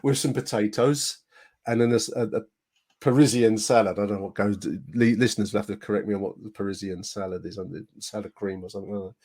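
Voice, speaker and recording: Chatty older podcast host. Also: male voice, fairly low pitch, steady tone, fast, a little mellow. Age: 60s. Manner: chatty, laughs often, fumbles foreign words. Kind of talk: casual chat.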